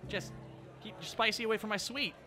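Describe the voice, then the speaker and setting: A man's voice: sits high, brisk. A man chatting with his viewers on a live stream, joking and riffing on their comments. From Canada. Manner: animated, joking, riffs with chat. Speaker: VTuber streamer. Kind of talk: casual live-stream chat. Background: music.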